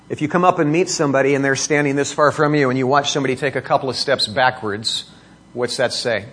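Here a middle-aged male pastor preaches, reciting scripture and then explaining it by posing rhetorical questions and lifting his pitch to stress key points. His voice is husky and a little bright.

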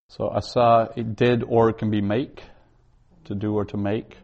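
A man teaching a Bible Hebrew class, explaining slowly, word by word. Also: on the low side, level tone, darkish tone. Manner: slow, deliberate, word-by-word explaining. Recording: dull lo-fi recording.

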